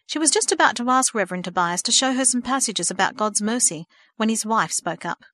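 A woman narrating a novel in a steady, measured audiobook reading. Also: fairly high pitch, no echo.

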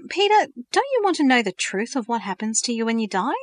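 Brief: earnest curious teen girl, read by a woman, higher pitched, dry close storybook read. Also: very animated, brisk, dry recording. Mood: surprised. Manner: questioning, earnest. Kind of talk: storybook reading.

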